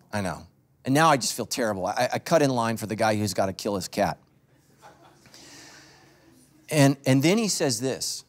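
A man's voice: mid-range voice, expressive, normal speed, pauses often. A man preaching as a pastor to his congregation, telling funny stories in a loose conversational sermon that he speaks straight to the crowd. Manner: joking storyteller, talks straight to the congregation. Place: church stage before a congregation.

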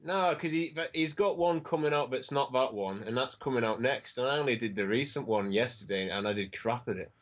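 A man's voice: mid-range voice, fairly quick, hardly any pauses. A man from England calling into a podcast, joking bluntly and crudely. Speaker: phone-in caller. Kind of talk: casual comedy podcast chat.

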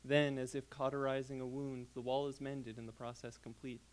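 A young adult man reading his short story aloud at a graduate reading, delivered as a persuasive second-person sales pitch. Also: level tone, brisk, rough recording.

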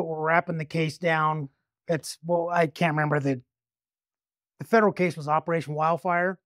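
A man's voice: a little high, steady tone, normal speed, a bit bright, no room sound, studio quality. A man detective telling a story casually, rambling, restarting often and swearing freely. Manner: rambling, with frequent restarts and profanity.

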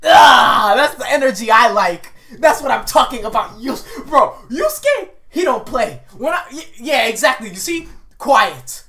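A woman hosting a casual anime reaction video, excitable and slangy, talking back at the screen with frequent exclamations and laughter. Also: on the high side, measured pace, few pauses. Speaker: reaction channel host.

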